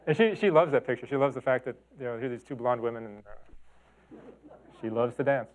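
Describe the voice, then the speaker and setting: A man's voice: medium pitch, a little fast. A middle-aged man from the talking casually about his photographs, rambling with lots of fillers and restarts. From Chicago and Detroit. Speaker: photographer giving a talk. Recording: tinny phone-like sound.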